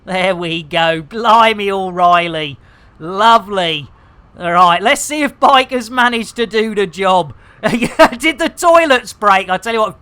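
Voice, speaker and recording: A woman's voice: mid-range voice, a bit bright. A woman streaming a space game live, rambling through bawdy jokes and banter. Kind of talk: casual live gameplay commentary.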